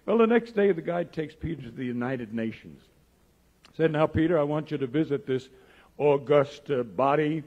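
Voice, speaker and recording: A man's voice: medium pitch, unhurried. A male pastor preaching a sermon as a story, acting out the lines of its characters in his own voice. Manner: acts out dialogue in plain voice, animated. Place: church sanctuary. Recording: dull old church audio with long reverb.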